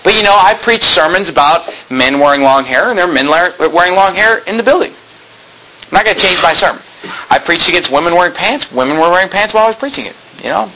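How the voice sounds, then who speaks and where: A man's voice: sits high, lively intonation, brisk, sharp tone, rough recording. A male pastor delivering a sermon in a plain-spoken, emphatic way, full of rhetorical questions.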